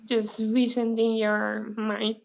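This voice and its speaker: A woman hosts a casual interview, talking slowly and relaxed in a fairly high voice. Her audio sounds dull and muffled. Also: gravelly. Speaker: interview host.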